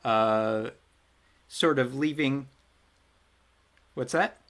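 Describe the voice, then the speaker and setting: Slow, bright-voiced male game master. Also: medium pitch. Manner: loose and chatty, trailing off and restarting. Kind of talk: running a tabletop game, casual narration.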